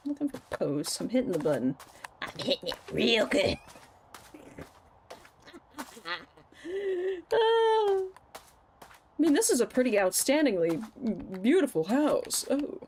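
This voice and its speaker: A woman's voice: on the high side, huge pitch swings, takes it slowly, pauses often, noisy background. A woman streaming a game, chatting casually, teasing and laughing often. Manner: giggly, playful, teasing. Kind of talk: casual gameplay commentary.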